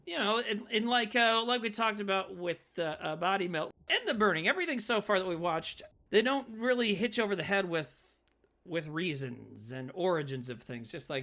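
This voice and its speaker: A man's voice: high voice, lively intonation, moderate pace, sharp tone. A man co-hosting a podcast, rambling casually with lots of fillers and swearing. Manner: rambling, filler-heavy, profane. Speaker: podcast co-host. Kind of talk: casual chat. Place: Midwest.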